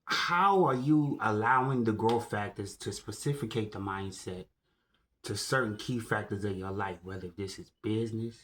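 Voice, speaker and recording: A man giving a slow, deliberate motivational monologue, often pausing to ask "right?" and correcting himself. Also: fairly low pitch, a bit bright, a little hiss or hum. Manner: slow, deliberate, keeps asking "right?" and restarting words. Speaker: motivational speaker. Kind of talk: slow solo monologue to camera.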